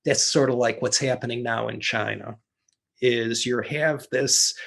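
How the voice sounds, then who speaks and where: A man's voice: mid-range voice, steady tone, a little slow, gravelly, fairly bright tone. A man in his sixties from the United States, talking casually as an interview guest, rambling with many restarts and fillers. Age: 60s. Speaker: guest expert.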